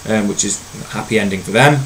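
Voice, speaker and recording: On a rough recording with faint hiss underneath, a lower-voiced man teaches a history topic as if to his own students. He sounds relaxed and chatty, dropping ums and uhs into his pauses.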